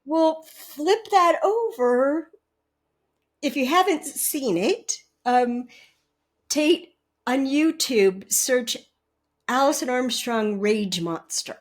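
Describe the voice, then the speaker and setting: A woman guest in a conversational interview, telling stories in an animated way, often laughing and acting out quotes. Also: sits high, slow. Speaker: guest relationship educator.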